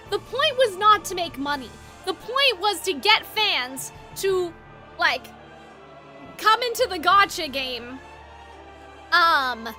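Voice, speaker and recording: A woman's voice: very high voice, pushed and bright. A woman streaming a game, chatting casually and rambling, with a dry throat.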